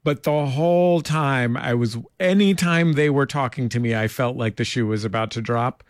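A man's voice: mid-range voice, normal speed, no echo, studio quality. A man hosting an interview, chatting casually and joking playfully with his guest. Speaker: interview host.

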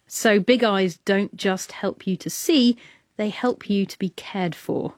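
A woman's voice: medium pitch, slow. Playful woman presenting a science show. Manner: playful, enthusiastic, jokey asides. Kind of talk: lively scripted presenting.

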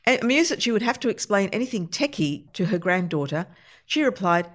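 A woman reading short humorous anecdotes aloud for a radio reading service, steady with a light, playful touch on the punchlines. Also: medium pitch, a little fast. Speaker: reader of humor pieces.

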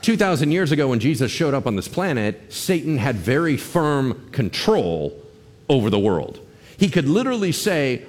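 A male pastor preaching a sermon in a lively, conversational way, joking and putting questions to his congregation. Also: mid-range voice, normal speed. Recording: long reverb of a large hall.

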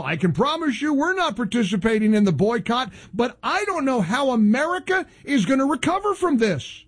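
A man hosting a talk radio show, delivering an opinionated monologue in a sarcastic, mocking tone. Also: extremely high pitch. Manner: animated, exclamatory.

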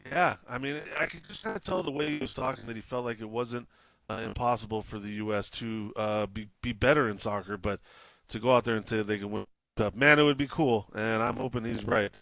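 A man with a low, gravelly voice co-hosts a sports radio show. He talks in a relaxed, plain way, drawing out his thoughts. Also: a little fast, dry recording. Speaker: co-host. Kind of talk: casual radio chat.

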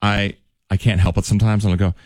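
A man's voice: fairly low pitch, flat delivery, brisk, darkish tone, no room sound, studio quality. A man co-hosting a morning radio show, chatting casually and acting out quoted phrases in mock voices. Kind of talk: casual on-air chat. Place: radio studio. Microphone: studio microphone.

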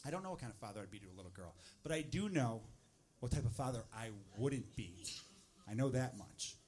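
A man's voice: mid-range voice, expressive, a little fast, a little mellow. A man performing a stand-up set, conversational, chatting with and teasing the audience during a live recording. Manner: conversational, crowd-teasing delivery. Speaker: stand-up comedian.

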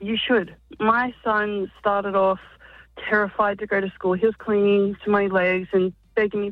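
A woman's voice: medium pitch, level tone, normal speed, no room sound, soft background music. A woman calling in to a radio show, telling her story emotionally. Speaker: caller. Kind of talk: phone-in call. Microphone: telephone. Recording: dull phone line, dry.

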